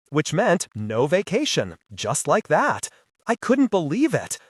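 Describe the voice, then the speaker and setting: A man narrating a hardboiled sci-fi audiobook in the first person, wisecracking and expressive. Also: on the high side, measured pace, slightly rough, no echo, studio quality.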